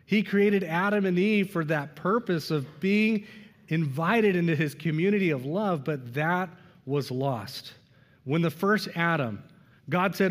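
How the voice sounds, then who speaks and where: Guy preaching, bit higher voice, earnest, drops to near whispers sometimes, big echoey hall. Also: expressive, a little slow. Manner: earnest, shifts between loud emphasis and hushed lines. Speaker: pastor. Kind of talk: sermon. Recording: long reverb of a large room.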